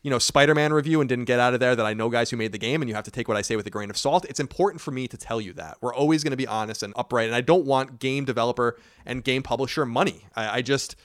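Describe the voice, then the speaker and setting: Male podcast host, rapid and blunt, dry close-miked sound. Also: mid-range voice, no room sound. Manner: fast, blunt, swears casually. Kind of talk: casual podcast chat.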